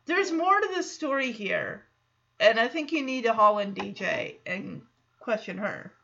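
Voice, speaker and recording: Chatty bright-voiced woman podcaster. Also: measured pace, creaky, dull audio, slight background noise. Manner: animated, acts out quotes in lowered voices. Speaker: podcast host. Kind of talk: casual episode recap.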